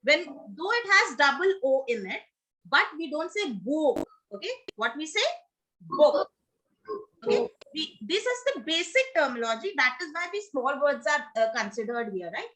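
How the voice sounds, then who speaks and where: A woman's voice: sits high, big pitch swings, normal speed, sharp tone. A woman teaching a pronunciation lesson to a class, leading drills, coaxing students to repeat words and checking in with "okay?".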